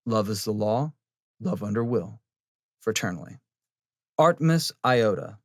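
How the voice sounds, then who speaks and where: A man reading occult letters aloud in a measured, solemn way. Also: on the low side, expressive, dry recording, clean studio sound. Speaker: audiobook reader.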